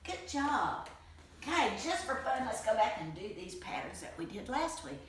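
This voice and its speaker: A woman's voice: on the high side, big pitch swings, normal speed. A woman teaching a children's music lesson, encouraging and chanting rhythm syllables in a home room with tile floors. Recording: roomy far-off home recording, loud noise.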